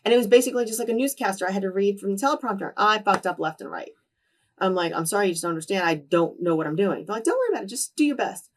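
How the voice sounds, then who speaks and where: A woman in her twenties as an interview guest, telling candid stories with lively quoted voices and frequent swearing. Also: mid-range voice, rapid-fire, far from the mic. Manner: animated, acts out quoted voices, swears freely. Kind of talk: candid storytelling in a shoot interview.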